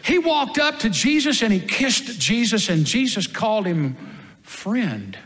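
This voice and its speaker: The apostle Peter, played by a man, an impulsive and earnest apostle telling his story in first person. The voice sits a little high and leaps around in pitch, sometimes loud and sometimes nearly hushed. A long reverb trails each phrase, as in a big hall. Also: big pitch swings, a little slow, exaggerated voice. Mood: hushed, grave. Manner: dramatic storytelling, swings between loud and hushed. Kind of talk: first-person dramatic monologue.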